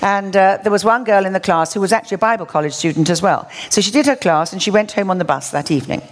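A woman preaching, telling a healing story with wry asides and rising, animated emphasis. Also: medium pitch, quick pace. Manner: animated, wry, builds to exclamations. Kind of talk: sermon storytelling.

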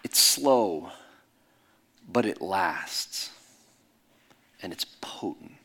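A middle-aged man preaching in a candid, conversational way, swinging between loud bursts and soft hushed asides. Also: low-pitched, animated, drawn-out words, slightly rough. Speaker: pastor. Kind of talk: sermon storytelling.

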